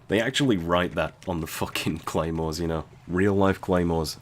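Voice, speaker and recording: Deep-voiced, swearing male gamer. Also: slow, long pauses, slight background noise. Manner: profane, wry, offhand. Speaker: gaming streamer. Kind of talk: casual let's-play commentary.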